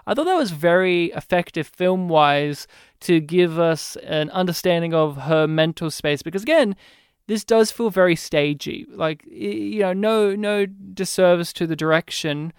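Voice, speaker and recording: Australian guy on a film podcast, smooth voice, dry close sound, chatty. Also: fairly high pitch, dry recording. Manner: chatty, quick asides and laughs. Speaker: podcast co-host. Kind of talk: casual film discussion.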